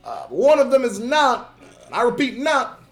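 A mock-solemn male statesman, as a man puts him on, speaking in a raised, deliberate voice full of heavy pauses. He sounds self-important and lets each phrase hang before going on. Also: very high-pitched, very animated, pitched above the performer's own voice, exaggerated voice. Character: male ex-president, slow measured statesman.

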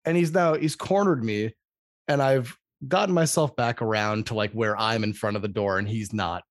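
Gravelly, swearing podcast host, dry close sound, rambling storyteller. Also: male voice, fairly low pitch, moderate pace, dry recording. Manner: profane, rambling, animated storyteller. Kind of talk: casual storytelling chat.

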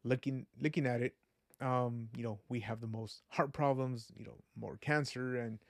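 A man's voice: medium pitch, steady tone, normal speed, no echo, studio quality. A man hosting a podcast, talking in an earnest, rambling, reflective way, full of "you know" and "like". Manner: reflective and faith-minded. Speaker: podcast host. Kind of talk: casual personal podcast monologue.

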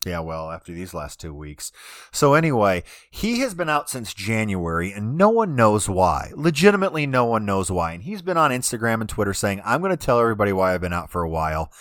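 Ranting, animated male podcast host. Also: lowish voice, fast, no room sound, studio quality. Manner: animated, ranting, talks over himself with restarts. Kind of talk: casual chat.

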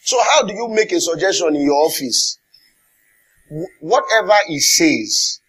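A man's voice: a little high, big pitch swings, takes it slowly, a bit bright, husky. A man with a Nigerian accent preaching a sermon as pastor, emphatic, calling out to the congregation and acting out quotes. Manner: emphatic preaching with call-and-response and acted quotes.

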